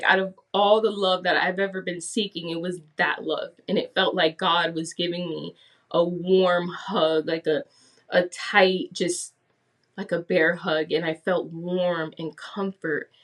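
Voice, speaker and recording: A woman's voice: lowish voice, fairly even intonation, unhurried, recorded from a distance. A woman giving a casual spoken testimony, chatty, acting out her own past words as she tells it. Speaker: guest giving a faith testimony.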